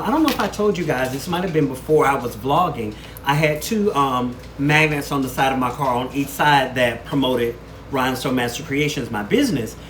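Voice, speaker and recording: A man chatting casually to camera in a weekly vlog, telling stories and showing off products in an animated, talkative way. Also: mid-range voice. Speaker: vlogger. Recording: noticeable background noise.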